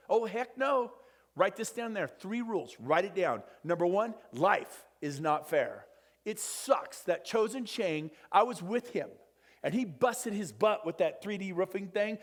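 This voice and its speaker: A man gives a motivational seminar talk. His voice sits high for a man, and he preaches with big swings between loud bursts and quiet asides. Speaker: motivational speaker. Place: conference room.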